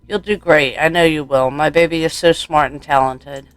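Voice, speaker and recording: A man's voice: on the high side, fairly even intonation, moderate pace, fairly bright tone, clear, resonant tone, dry recording, soft background music, lightly acted. A man voicing a smothering, sugary mother figure. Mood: doting. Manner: sugary, smothering pet names. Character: doting, unsettling adult woman, motherly, obsessive.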